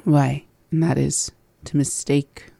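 A learner practicing new words in a relaxed lesson, repeating them carefully and laughing at their own slips. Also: mid-range voice, slow pace, gravelly, breathy edge, no echo. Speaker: language learner. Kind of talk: conversational language lesson.

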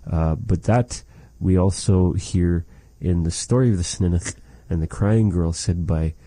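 A man teaching a language lesson as host, patiently repeating phrases slowly and explaining them. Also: sits low, dark tone, no room sound. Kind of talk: slow, careful language lesson.

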